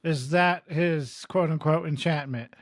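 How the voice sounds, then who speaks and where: A man co-hosting a podcast in casual chat, lively and laughing as he retells scenes in quoted voices. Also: on the high side, unhurried, dry recording. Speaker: podcast co-host.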